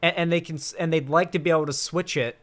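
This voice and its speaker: A man's voice: on the high side, fairly even intonation, fast, fairly bright tone. A young man streaming casual political commentary, rambling and crude, from a cramped home setup.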